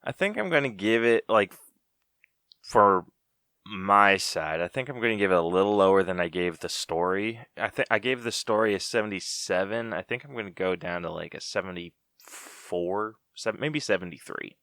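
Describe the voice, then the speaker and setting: Casting note: very deep yet bright male voice, easygoing podcast guest from Utah, laughs a lot. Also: expressive, moderate pace, clear, resonant tone, dry recording, studio quality. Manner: laughing, storytelling. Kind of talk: casual podcast chat.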